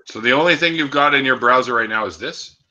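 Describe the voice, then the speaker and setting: A man's voice: mid-range voice, fast. A man hosting a livestream, chatting casually over a video call with many "uh" fillers. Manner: relaxed, filler-heavy, hesitant. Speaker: livestream host. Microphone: computer mic on a video call. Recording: dull lo-fi call audio.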